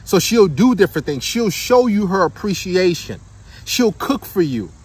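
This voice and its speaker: A man with a high, husky voice lectures men on dating in a preachy monologue. He hammers each point home and keeps checking in with "right?" and "okay?". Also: very animated, normal speed, darkish tone. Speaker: dating advice commentator.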